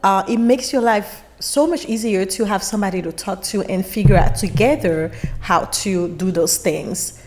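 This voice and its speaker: A woman's voice: medium pitch, moderate pace, few pauses, slight background noise. A woman in her thirties from Ivory Coast, a native French speaker, telling stories as a guest in a casual interview. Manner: animated storyteller, laughs while acting out exchanges.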